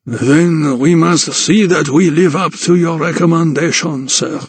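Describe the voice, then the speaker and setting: A man voicing an older, lean barber who is sly and obliging, with a smooth, deferential manner. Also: a little high, a little slow, dry recording, voice pushed up.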